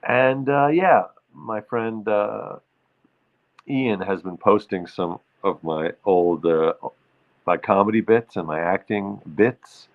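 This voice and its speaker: Male host, relaxed and playful, slow delivery; sings with ukulele on a tinny streamed feed. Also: on the low side. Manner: crooning, playful, greets viewers by name. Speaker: livestream show host. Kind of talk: casual livestream chat with ukulele songs. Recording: phone-like streamed audio with faint ukulele.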